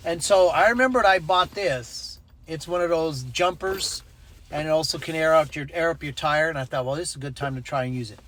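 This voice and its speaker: A man's voice: fairly high pitch, brisk, fairly bright tone. A man telling a personal story in a casual vlog, acting out the voices in it and adding preachy asides. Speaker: ministry network leader.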